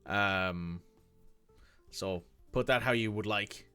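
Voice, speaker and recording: Gaming streamer, male, bright crisp voice, chatty think-aloud delivery, dry close mic. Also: on the low side, slow, dry recording, soft background music. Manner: chatty, thinks aloud, reacts to match play. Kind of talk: casual let's-play commentary.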